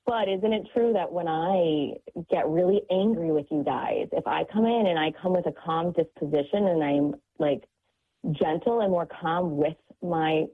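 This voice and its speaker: A woman's voice: fairly low pitch, breathy edge. Earnest mother on a tinny phone line. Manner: earnest, reflective, many fillers. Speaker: guest, parent. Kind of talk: faith-based radio conversation. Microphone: phone call.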